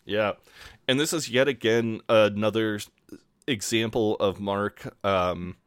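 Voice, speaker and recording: A man co-hosting a podcast, chatting casually about a TV episode, relaxed and swearing now and then as he quotes the characters. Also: lowish voice, unhurried, clear, resonant tone, dry recording, studio quality. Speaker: podcast co-host. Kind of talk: casual chat recapping a TV episode.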